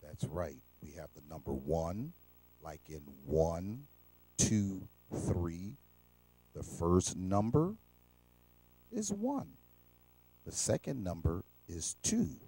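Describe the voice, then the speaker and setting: A middle-aged man hosting a children's show, teaching preschoolers in a slow, repetitive, coaxing call-and-response manner. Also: low-pitched, big pitch swings, dark tone.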